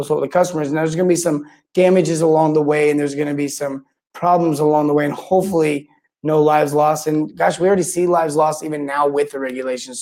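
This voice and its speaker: A man's voice: on the high side, a little mellow. Rambling, worked-up podcast host man. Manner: rambling, worked-up storytelling with restarts. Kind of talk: casual monologue. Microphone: own mic and camera.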